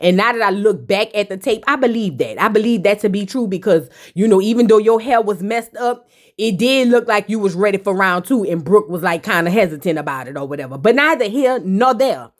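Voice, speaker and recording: A woman's voice: mid-range voice, animated, fairly quick. A woman giving a sassy, brash, profane recap of a reality show in casual commentary.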